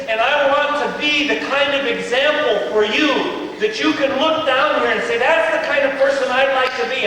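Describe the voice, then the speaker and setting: A middle-aged man with a notably high voice addresses young people with earnest appeals and self-mocking humor. He is recorded from a distance in a large, reverberant hall. Steady background noise sits under his words. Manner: self-deprecating storytelling with slow, weighty pauses. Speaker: youth event speaker. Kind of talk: humorous evangelistic talk. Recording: echoey hall from far off, noisy.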